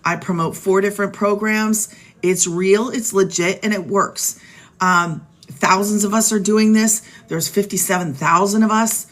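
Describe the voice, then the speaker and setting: A woman's voice: medium pitch, fairly even intonation, a little slow, fairly bright tone. A middle-aged woman hosting a casual live stream from home, chatty and upbeat, talking straight to her viewers and reading out their names. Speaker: live stream host selling online business programs. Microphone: phone.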